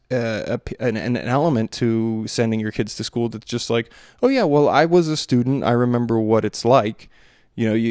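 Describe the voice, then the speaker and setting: A man's voice: mid-range voice, darkish tone, smooth, no room sound, studio quality. A man in his thirties talking through his thoughts in a rambling, hesitant monologue full of fillers and restarts. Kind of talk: reflective solo monologue.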